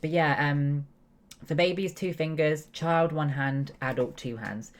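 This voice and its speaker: This streamer and nursing student is a young woman talking casually over a game, walking through the steps one by one with many fillers and side comments. Her voice sits low, and she keeps a measured pace.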